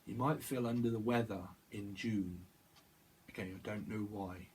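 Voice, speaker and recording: A man's voice: on the low side, fairly even intonation, moderate pace, a little mellow, slight background noise. A man giving a rambling tarot reading, talking to himself, repeating words and breaking off mid-thought. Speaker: tarot reader.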